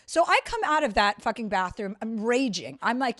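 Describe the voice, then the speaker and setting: Profane, animated woman telling a story. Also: a little high, normal speed, few pauses, dry recording, clean studio sound. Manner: profane, animated storyteller, rants with rising volume. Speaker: podcast guest. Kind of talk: casual storytelling chat.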